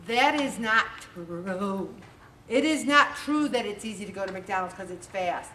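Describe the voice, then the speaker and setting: A woman leading a weight-loss group, giving an animated motivational talk and acting out quotes. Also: mid-range voice, a little slow. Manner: animated, acts out quotes with lively voices. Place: meeting room with an audience. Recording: echoey room recorded from a distance, faint hiss.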